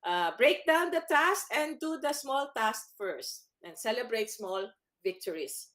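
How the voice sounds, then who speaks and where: A woman hosting a church children's program, encouraging and quick to laugh, with frequent restarts. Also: on the high side, lively intonation, fairly bright tone. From United States. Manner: speaks haltingly, restarting words. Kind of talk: casual teaching chat over a call.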